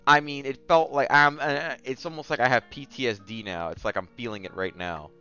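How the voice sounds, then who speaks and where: Animated man telling a dating story. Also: medium pitch, fairly quick, smooth, dull audio, soft background music. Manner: animated, swings from mumbling asides to yelling bursts. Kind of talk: casual storytelling.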